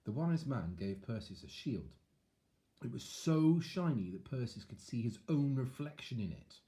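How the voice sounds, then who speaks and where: A man's voice: mid-range voice, a little slow. A man reading a picture book aloud to children, with chatty asides. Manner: animated, chatty asides to young listeners. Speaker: storyteller.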